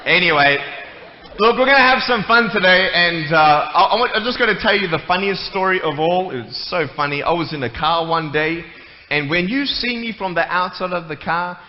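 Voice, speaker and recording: A man giving a playful, joking talk to a church audience. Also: a little high. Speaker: guest speaker. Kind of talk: humorous stage talk. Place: church hall. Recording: echoey hall, muffled, faint noise.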